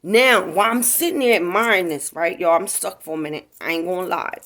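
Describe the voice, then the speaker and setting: A woman's voice: lowish voice, a little fast, fairly bright tone. A woman tells a casual, profane storytime to her viewers at home. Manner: profane, chatty, talks straight to viewers. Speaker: vlogger. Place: home, indoors.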